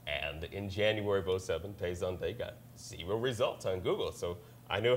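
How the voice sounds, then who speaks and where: A man in his twenties with a very deep voice, chatting casually as an interview guest and laughing often. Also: moderate pace, slight background noise. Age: 20s. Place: bakery shop.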